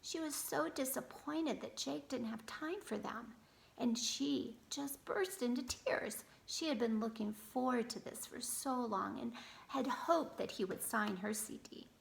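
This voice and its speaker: Woman kindergarten teacher, gentle storyteller, gravelly and fairly high. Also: unhurried. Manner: gentle, addresses children directly. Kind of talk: storytelling lesson for children.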